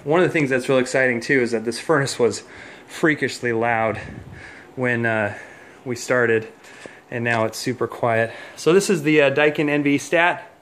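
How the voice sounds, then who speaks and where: A man with a medium-pitched, slightly bright voice talks at a moderate pace while walking through a home heating install, both inside and outside the house. As a contractor, he's casual and chatty, a little winded, and uses lots of fillers. Some hiss or hum is audible.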